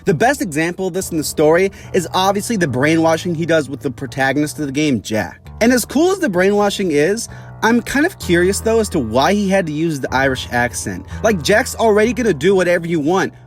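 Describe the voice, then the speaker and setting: A man's voice: a little high, very animated, brisk, faint music behind. A young man hosting a casual video review series, talking about game villains in a chatty, opinionated way.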